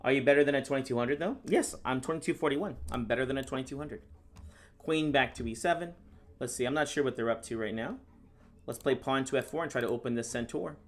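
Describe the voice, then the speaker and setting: This American man, a chess streamer and National Master, talks fast in a mid-range voice while commentating live on his own games. He reads viewer questions out loud and answers with casual, deadpan sarcasm.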